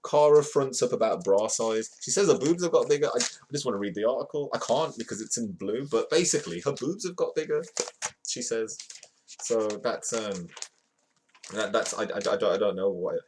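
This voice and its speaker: With an expressive, medium-pitched voice and a darkish tone, this man hosts a livestream, moving at a moderate pace through the news headlines. He keeps things light, joking and saying hello to chat viewers between items. There's slight background noise.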